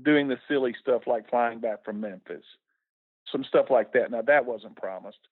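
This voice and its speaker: A man's voice: medium pitch, normal speed, husky, no echo. A middle-aged man, a former coach talking casually in a radio interview, folksy and repeating words when moved. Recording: tinny phone line on radio.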